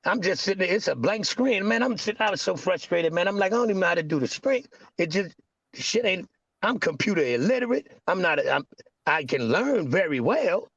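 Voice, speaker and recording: A middle-aged man with a high, swooping voice stammers through a frustrated, casual ramble. His audio is dull and lo-fi, with a dry, close sound. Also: lively intonation, a little fast, a bit bright, husky, no echo. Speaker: podcast guest. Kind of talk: casual chat.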